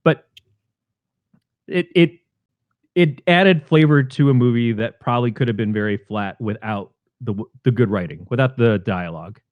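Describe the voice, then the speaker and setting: A man's voice: mid-range voice, moderate pace, no room sound. A man co-hosting a podcast, chatting casually about a film and eagerly retelling its scenes. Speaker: podcast co-host. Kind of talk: casual film review chat.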